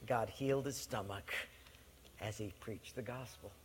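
A man's voice: lowish voice, unhurried, a little hiss or hum. A man preaching a sermon, telling the story with animation and acting out the voices of its people. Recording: long hall reverb.

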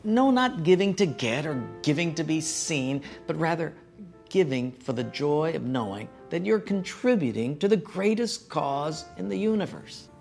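A man's voice: a little high, animated, moderate pace, creaky, a little mellow, faint music behind. A middle-aged male pastor preaching a sermon, telling a personal story with folksy, self-deprecating humor.

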